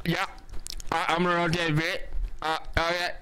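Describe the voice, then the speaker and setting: A distracted young gamer who has left his mic on, as a man puts him on in a raised, higher voice, mumbling to his squad and snapping at his mom between half-finished words. He sounds thin and airy, as if heard over an online voice call. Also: completely flat delivery, moderate pace, very noisy, natural voice. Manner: distracted, mumbling, bickering with family. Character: oblivious young male gamer on open mic.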